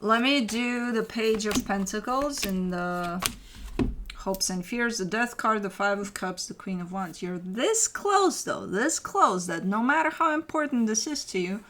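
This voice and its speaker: A woman's voice: medium pitch, moderate pace, background noise. A woman giving a casual tarot reading, talking straight to the listener with loose, sometimes cursing language. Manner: casual, swearing, addresses the listener directly. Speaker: tarot reader.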